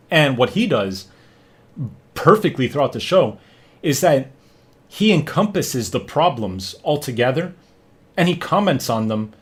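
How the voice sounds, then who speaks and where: A man hosting a podcast in casual chat, animated and profane, often acting out what people say. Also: mid-range voice. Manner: animated, profane, acts out quotes. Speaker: podcast host.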